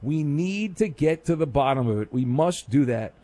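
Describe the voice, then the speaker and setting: A man's voice: on the high side, expressive, normal speed, dark tone, no echo. Sarcastic radio talk show host, man. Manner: sarcastic, mock-stern, rambling with many fillers. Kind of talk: casual call-in radio talk. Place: radio studio. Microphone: studio mic.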